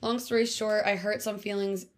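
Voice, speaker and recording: A woman's voice: medium pitch, little pitch movement, normal speed. A woman in her twenties co-hosting a podcast, telling a story in casual chat full of fillers. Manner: chatty storytelling, many "like" fillers, laughs often. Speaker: podcast co-host.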